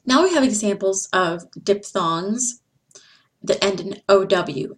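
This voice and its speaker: A woman giving a slide-based phonics lesson, speaking deliberately and repeating each example sound. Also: medium pitch, lively intonation. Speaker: English teacher.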